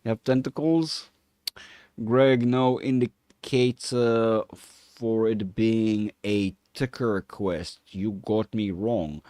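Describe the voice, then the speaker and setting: A man's voice: fairly low pitch, fairly even intonation, takes it slowly, warm tone, no room sound, studio quality. A man giving casual live commentary on market charts, rambling and joking with his viewers. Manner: rambling, self-mocking, chats with viewers. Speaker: market analyst streamer.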